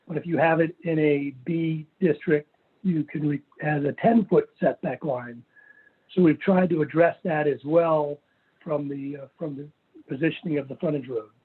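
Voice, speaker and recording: A man's voice: fairly high pitch, steady tone, moderate pace, breathy edge. A man presenting his case at a city planning hearing, reading and stressing passages from a plan in an earnest, methodical way over a video call. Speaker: property owner applicant. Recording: phone-like virtual meeting audio.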